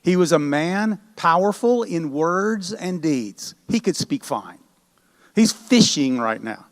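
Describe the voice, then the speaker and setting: A middle-aged pastor preaches a sermon in a chatty, lively storytelling way. His voice is gravelly and sits a little high for a man, and the long reverb of the church hall trails behind his words. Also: takes it slowly. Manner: conversational, animated storytelling. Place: church sanctuary.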